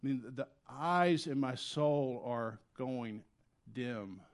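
In church, a man preaches a sermon as pastor, earnest and conversational at medium pitch and a slow pace. He drops quiet, then rises loud when he voices desperate prayers.

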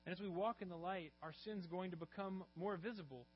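A man delivers a sermon, his voice sitting a little higher than most men's. He tells stories earnestly and lifts his voice on the key lines. The recording is slightly muffled, with a faint electrical hum underneath. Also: brisk. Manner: earnest storytelling preacher, rising emphasis on key lines. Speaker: pastor.

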